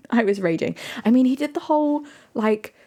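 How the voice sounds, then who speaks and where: A woman's voice: fairly high pitch, expressive, moderate pace, mellow. Giggly, rambling young woman. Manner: giggly, rambling, self-mocking. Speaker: livestreamer. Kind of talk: casual chat with live chat.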